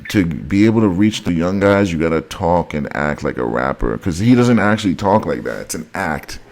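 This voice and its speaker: A man's voice: low voice, animated, moderate pace, darkish tone. A man vlogging a heated, repetitive rant straight to his viewers, often calling them guys. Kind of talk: ranting monologue to camera.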